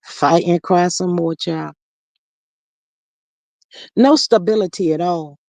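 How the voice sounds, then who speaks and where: A woman hosting a livestream, reading viewer comments aloud in animated, gossipy chat and calling out to y'all. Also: fairly low pitch, slow, no echo. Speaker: livestream host.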